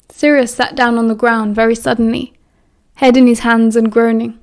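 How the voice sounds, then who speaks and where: A woman reading a story aloud as an audiobook narrator in a quiet, even way. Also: a little high, normal speed. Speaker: audiobook reader.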